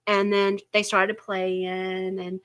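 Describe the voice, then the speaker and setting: An older woman, hosting a casual chat and telling stories in an animated way, acting out the voices she quotes. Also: mid-range voice, takes it slowly, clean tone, poor audio. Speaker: host of a yarn shop show.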